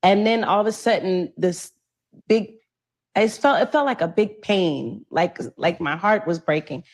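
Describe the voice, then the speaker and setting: A woman's voice: mid-range voice, unhurried. A woman telling a personal relationship story in an earnest, heartfelt and tearful manner.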